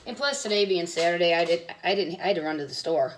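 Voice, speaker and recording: A woman's voice: on the low side, quick pace, slight background noise. A woman cooking in her home kitchen, talking in a blunt, rambling, chatty way while sick with bronchitis. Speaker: cooking vlogger. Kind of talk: casual chatty cooking vlog.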